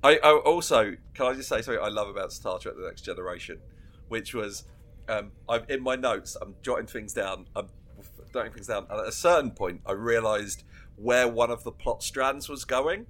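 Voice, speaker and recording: A man's voice: medium pitch, moderate pace, fairly bright tone. A man co-hosting a casual podcast chat, laughing often and acting out scenes as he retells them. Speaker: podcast co-host.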